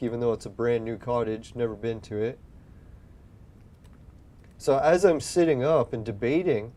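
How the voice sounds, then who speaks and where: Mellow-voiced man rambling through a story. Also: medium pitch. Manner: rambling, swears often, acts out his own past lines. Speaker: gaming video host. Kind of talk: casual storytelling while playing a game.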